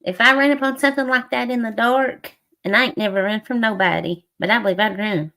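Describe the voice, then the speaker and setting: A woman's voice: a little high, brisk, bright, forceful tone. A woman in her forties with a Southern US accent, chatting bluntly and profanely on a livestream. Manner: blunt, profane, dialect-heavy ranting. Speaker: livestream co-host. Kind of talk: casual livestream chat.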